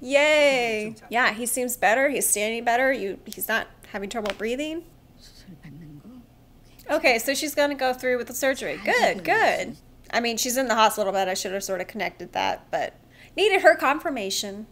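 Lively, bright-voiced woman reacting excitedly. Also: fairly high pitch, moderate pace, slight background noise. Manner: excitable, laughs and gasps often; emotional, near tears. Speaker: reaction video host. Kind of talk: casual drama reaction commentary.

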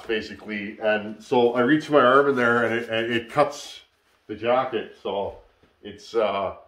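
A man, tired after a long work week, chatting casually and rambling with lots of fillers as the host of a chainsaw repair channel in his workshop. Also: mid-range voice. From Canada. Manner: relaxed, rambling, many "uh" fillers. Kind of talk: casual shop chat. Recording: echoey workshop.

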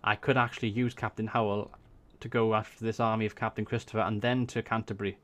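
A man's voice: fairly low pitch, little pitch movement, fast, fairly bright tone. A Welsh man casually thinking aloud as he commentates a strategy game, swearing when surprised. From Wales. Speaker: gaming YouTuber. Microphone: desk USB microphone.

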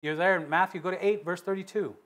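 A man preaching a sermon, reading scripture aloud and swinging between loud fervent peaks and low hushed asides. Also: fairly even intonation, fast. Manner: reads scripture in King James wording with emphatic repetition.

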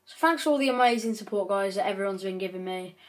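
A woman's voice: mid-range voice, quick pace. A woman giving chatty gameplay commentary, breaking into frequent frustrated outbursts. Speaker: gaming channel host.

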